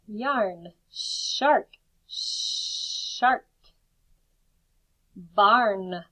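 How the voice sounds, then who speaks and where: Slow, careful woman teacher sounding out words. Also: medium pitch, fairly bright tone, low-quality recording. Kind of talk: remote phonics lesson for young children.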